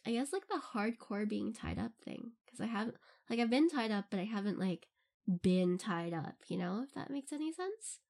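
A woman's voice: on the high side, expressive, fairly quick, creaky, darkish tone. A young adult woman who creates audio content, answering listener questions in a casual, rambling way and laughing often between phrases. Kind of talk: casual Q&A chat.

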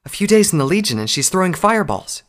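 A man voicing a young female pony soldier who eagerly prods and taunts her comrades, pitched high and loud, in an audiobook. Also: big pitch swings, quick pace. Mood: excited. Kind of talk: audiobook character voice.

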